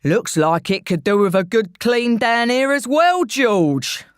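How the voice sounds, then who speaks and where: A woman voicing a menacing male gangster with a London accent, taunting in a slow, mocking drawl. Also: fairly high pitch, sing-song, smooth, dry recording, studio quality.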